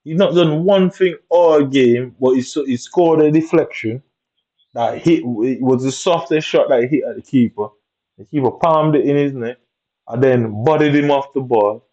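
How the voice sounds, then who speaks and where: Commentating on his own gameplay, a man mutters and rants heavily in a mellow, dark voice that sounds aggrieved the whole way through. His voice sits in the mid range and he talks at a normal speed. The audio is dull and lo-fi.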